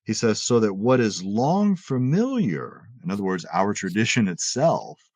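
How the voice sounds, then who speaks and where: A man discussing philosophy in casual conversation, animated and often restarting his words as he paraphrases an author. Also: on the low side, measured pace, no echo. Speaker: podcast co-host.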